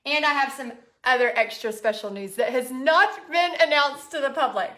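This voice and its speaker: A woman's voice: sits high, moderate pace, a bit bright. A chatty woman with a Texan accent, hosting a casual livestream, laughing often and reading out viewer comments. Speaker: art business coach host.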